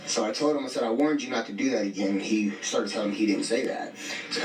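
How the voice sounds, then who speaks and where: A man's voice: on the low side, fast talker. A man telling a story in casual street slang, bluntly quoting himself and others as he goes. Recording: echoey, distant, faint music.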